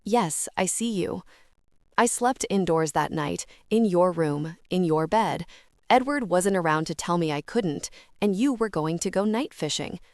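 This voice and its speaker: A woman narrating a literary audiobook in a measured, quiet, reflective way. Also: lowish voice, expressive, no echo, clean studio sound.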